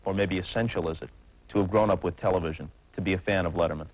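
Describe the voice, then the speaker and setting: A man's voice: low-pitched, steady tone, quick pace, a little mellow, poor audio. A man hosting a late-night talk show, musing aloud and acting out quotes as he tells anecdotes. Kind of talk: casual talk-show interviewing.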